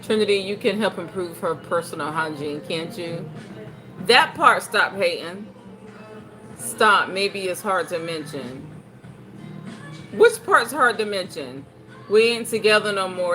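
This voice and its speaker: A young woman hosts a casual late-night livestream from home, talking with a bright, forceful tone. She jokes playfully, reads viewer comments aloud and sets her low-pitched voice against faint music playing in the background. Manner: animated, joking, playful put-on voices. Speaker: livestream host.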